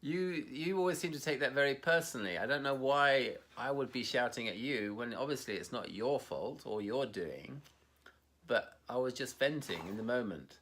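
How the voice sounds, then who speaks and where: A man's voice: mid-range voice, expressive, moderate pace, fairly bright tone. A man co-hosting a casual conversation, rambling and self-mocking, laughing often at himself. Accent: Scottish. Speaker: podcast co-host.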